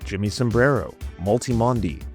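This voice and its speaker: A man's voice: fairly low pitch, lively intonation, normal speed, faint music behind. A man hosting the channel outro, thanking patrons and reading out their names steadily. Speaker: channel host.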